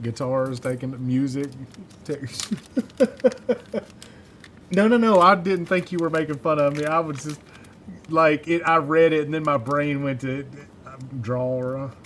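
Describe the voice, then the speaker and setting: A man's voice: mid-range voice, fairly bright tone, slight background noise. A man from Mississippi with a mild Southern accent, chatting casually on a livestream while he builds electronics, rambling and chuckling at himself. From Mississippi, USA. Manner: rambling, chuckling, self-deprecating. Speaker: livestreamer building a synth module.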